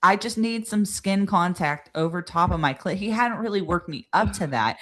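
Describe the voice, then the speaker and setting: A woman's voice: fairly low pitch, animated, normal speed, a bit bright. A woman co-hosting a podcast, talking in a blunt, frank and profane way and filling her sentences with "like". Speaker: podcast co-host. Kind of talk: casual chat.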